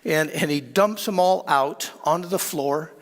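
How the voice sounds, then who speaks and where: A man preaching and telling a personal testimony in a dramatic, animated way, often stammering and repeating words. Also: on the high side, unhurried. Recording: long hall reverb.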